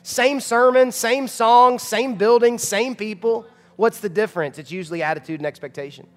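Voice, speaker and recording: A man's voice: extremely high pitch, moderate pace. A man, preaching a sermon as pastor in a conversational, emphatic way full of rhetorical questions. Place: church sanctuary. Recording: long hall reverb of a church.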